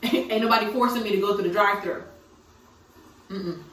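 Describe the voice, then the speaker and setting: A woman's voice: medium pitch, moderate pace, fairly bright tone. Tearful young woman vlogging from afar. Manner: candid and emphatic, laughing through tears. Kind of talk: casual confessional vlog. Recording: roomy sound from some distance, faint background ambience.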